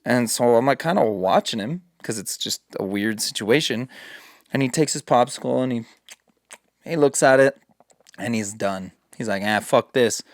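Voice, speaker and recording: A man hosting a podcast, telling a story in casual chat, animated, swearing and acting out quotes. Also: medium pitch, moderate pace, dry recording, clean studio sound. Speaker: podcast host.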